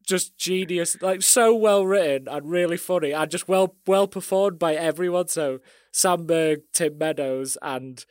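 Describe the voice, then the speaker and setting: A man co-hosting a casual film review chat, animated and acting out scenes he liked. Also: fairly high pitch, unhurried, no room sound, studio quality. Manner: animated, acts out scenes with quoted lines. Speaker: podcast co-host.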